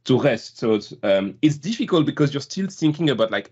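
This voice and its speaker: A man's voice: medium pitch, very animated, a little fast, a little mellow. A man in his forties with a French accent, chatting casually as a guest and laughing at himself often. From France. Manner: chatty, self-deprecating, laughs often, many restarts. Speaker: guest product manager. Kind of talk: casual video-call chat. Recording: dull lo-fi call audio.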